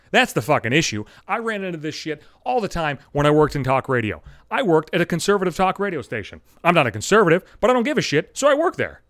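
A man delivering a profane, angry rant straight at his viewers, swearing constantly and shouting at them. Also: sits high, very animated, fast talker, hardly any pauses, no echo, clean studio sound. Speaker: video ranter.

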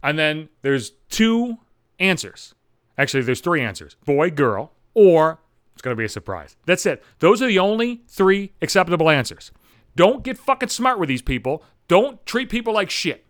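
A young man rants in a swearing, sarcastic stream, his pitch swinging up and down as he mocks what annoys him. His voice sits a little high for a man. The sound is dry and close, with no room behind it. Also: big pitch swings, normal speed, no room sound. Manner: ranting, profane, sarcastic, with mocking voices for others. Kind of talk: profane comedic rant.

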